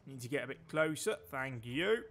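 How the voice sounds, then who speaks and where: A man's voice: mid-range voice, animated, normal speed, creaky, a bit bright, slight background noise. A British man giving chatty live gameplay commentary as a streamer, full of dry, wry asides. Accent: British English.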